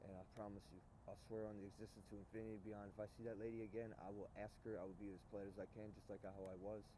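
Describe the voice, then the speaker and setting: Rambling male vlogger, lowish voice, repeats himself and swears oaths, noisy outdoor recording. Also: level tone, very fast. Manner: repetitive, swears oaths, restarts often. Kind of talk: rambling storytelling. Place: outdoors in snow.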